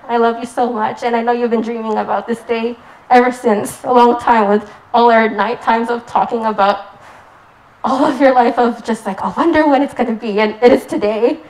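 A woman's voice: on the high side, gravelly, a little mellow, poor audio. A young woman from the United States giving a rambling, giggly wedding toast with lots of "like.". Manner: giggly, rambling, says "like" often.

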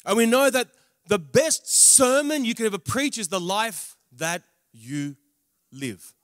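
Male preacher with a fairly high voice, dramatic emphasis and wry humor. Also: lively intonation, dry recording, clean studio sound. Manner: dramatic swings in loudness, drawn-out emphatic words; humorous asides. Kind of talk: testimony sermon. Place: large camp meeting venue.

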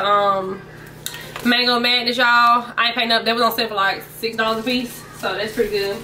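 A woman's voice: a little high, noisy background. A young woman, chatting casually to her viewers at home about her groceries and calling them y'all. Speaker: vlogger. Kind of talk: casual grocery haul chat. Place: at home, indoors. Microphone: camera mic.

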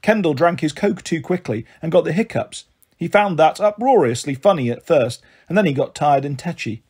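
A man reads a children's novel aloud in a fairly high, husky voice. He narrates in the first person, even and unhurried. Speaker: storybook reader.

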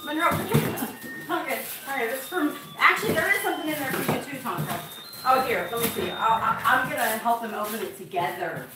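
A woman's voice: a little high, brisk, very noisy. A woman hosting a casual live stream, gushing and cooing in a sing-song way at her dogs as she opens gifts. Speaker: pet channel host.

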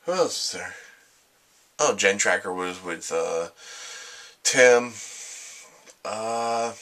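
A man's voice: lowish voice, animated, extremely slow, fairly bright tone. A young man vlogging casually, joking, rambling and making fun of himself. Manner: joking, rambling, self-mocking. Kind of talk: casual vlog.

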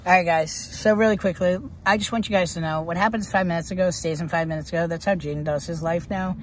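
A woman's voice: fairly low pitch, steady tone, fast talker, a little hiss or hum. A woman from the United States talking to viewers in a casual vlog, blunt and heavily profane. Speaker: vlogger. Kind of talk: casual vlog talk to camera.

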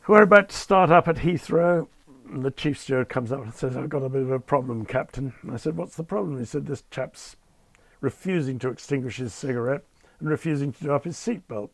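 An older man telling stories as a podcast guest, wry and understated, with polite, measured phrasing. His voice is slightly husky and the recording is close and dry. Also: medium pitch, no echo. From United Kingdom. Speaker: retired Concorde captain, guest. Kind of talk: anecdotal interview storytelling.

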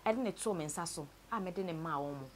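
A Ghanaian woman telling a sad story from her own life, mixing Twi and English, her voice often sinking low and quiet. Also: animated, fast talker, slight background noise. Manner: tells a sad story, switches between Twi and English, voice sinks low and soft. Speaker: interviewee. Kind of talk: personal story told to camera.

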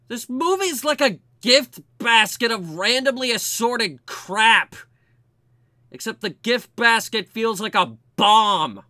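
High, bright-voiced sarcastic man reviewing films. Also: animated, takes it slowly, no room sound. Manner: mocking, exasperated, swears, sometimes shouts in outrage. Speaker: movie reviewer. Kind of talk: sarcastic comedic film review commentary.

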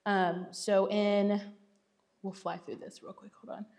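A woman's voice: mid-range voice, little pitch movement, measured pace, a little mellow. Chatty young woman teaching. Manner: chatty, laughs often, self-deprecating. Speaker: church speaker. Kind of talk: casual Bible teaching talk.

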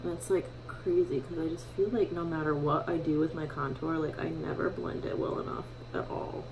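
Chatty young woman, lowish voice. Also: fairly even intonation, moderate pace, noisy background. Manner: chatty, many fillers, self-mocking. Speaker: beauty vlogger. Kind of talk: casual makeup tutorial chat. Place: home bathroom.

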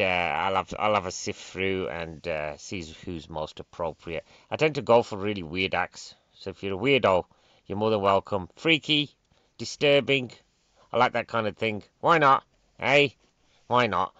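A man, a comedian, rambling through a chatty podcast monologue in a deadpan way that drifts into mock outrage. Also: on the low side, no room sound. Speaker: stand-up comedian and event promoter. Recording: dry, dull lo-fi sound.

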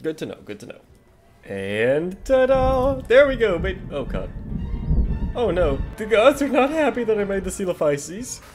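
A man hosting a casual video game commentary, excitable and jokey as he talks to his viewers. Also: sits high, normal speed, music in the background. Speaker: gaming video host.

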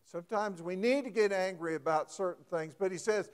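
A man's voice: high-pitched, fairly quick, smooth. A man preaching a folksy sermon, often asking the congregation questions and getting emphatic.

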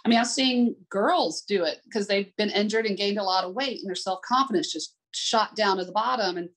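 A woman's voice: mid-range voice, fairly quick, fairly bright tone. A woman working as an adaptive sports swim coach, telling candid, heartfelt stories in an interview. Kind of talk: conversational interview storytelling.

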